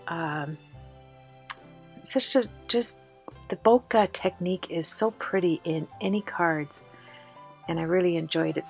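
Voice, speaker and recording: A woman hosting a card-making tutorial as a chatty voice-over, out of breath from the flu. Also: lowish voice. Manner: chatty and enthusiastic, many fillers. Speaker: card-making video host.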